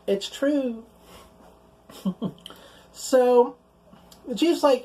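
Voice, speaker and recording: A young woman casually recapping anime episodes, chatty and relaxed, full of "like" and casual swearing. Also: fairly high pitch, drawn-out words, pauses often, low-quality recording. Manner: chatty, fills speech with "like", swears casually, acts out quoted lines in passing. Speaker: anime reviewer.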